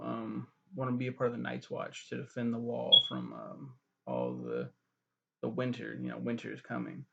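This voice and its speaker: Gravelly young man swearing through a recap. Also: mid-range voice. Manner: profane, rambling with fillers and self-corrections. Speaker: TV reviewer. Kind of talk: casual rambling show recap. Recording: dull lo-fi recording.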